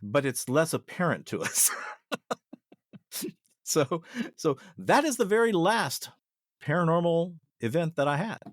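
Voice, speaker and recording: A man's voice: on the high side, big pitch swings, unhurried, long pauses, dry recording, clean studio sound. A man, a podcast guest, telling stories in a casual, reflective way with frequent restarts. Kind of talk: casual storytelling.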